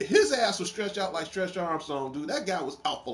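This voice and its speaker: A man's voice: sits high, moderate pace, slight background noise. A man hosting a casual gaming chat, telling wrestling game stories with lots of laughing and swearing. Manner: animated storytelling, laughing, swearing freely. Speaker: gaming show host.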